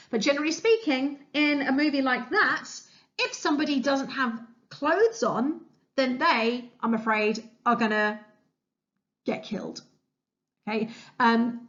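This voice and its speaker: Woman, history teacher, slightly high voice, enthusiastic, chatty, voice-over lesson, muffled recording. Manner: enthusiastic, chatty, with frequent fillers. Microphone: voice-over over slides.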